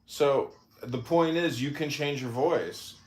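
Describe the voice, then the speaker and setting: A man hosting a casual podcast chat, giving slow, deliberate directions. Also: medium pitch, a little mellow. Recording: echoey room, faint noise.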